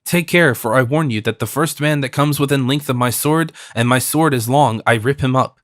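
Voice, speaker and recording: A quick-tempered young Gascon swordsman, defiant and full of mockery, read by a man in an audiobook. His voice sits at a middle pitch and sounds dry and close. He gives threats with easy scorn. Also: fairly bright tone, no room sound, close to an everyday voice. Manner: defiant, mocking. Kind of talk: audiobook character reading.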